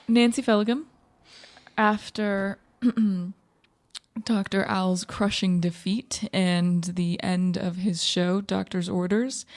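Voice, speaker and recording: A woman's voice: mid-range voice, a little mellow. Matter-of-fact woman narrating a game. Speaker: player.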